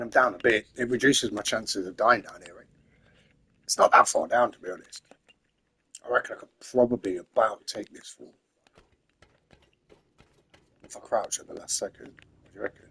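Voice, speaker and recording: English man, very breathy raspy voice, casual gameplay chatter, rambling to himself. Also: mid-range voice, a bit bright. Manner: rambling, chatty, talks to himself and his in-game horse. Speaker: gamer, channel host.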